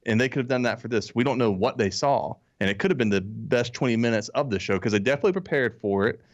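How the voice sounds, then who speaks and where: A man's voice: mid-range voice, fast talker, highs cut off. A man co-hosting a podcast, talking bluntly and a bit sarcastically in casual chat. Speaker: podcast co-host.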